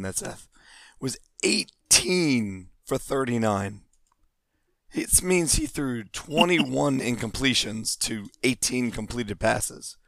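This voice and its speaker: A man's voice: fairly low pitch, gravelly, a bit bright, no room sound, clean studio sound. A man co-hosting a podcast in casual chat, teasing and sarcastic. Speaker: podcast co-host.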